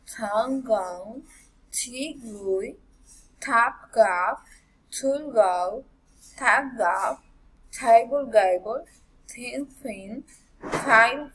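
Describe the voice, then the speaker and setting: A woman reading English pronunciation drills aloud, careful and halting, with repeats and self-corrections. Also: on the high side, a bit bright, breathy edge, rough recording. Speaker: pronunciation practice reader.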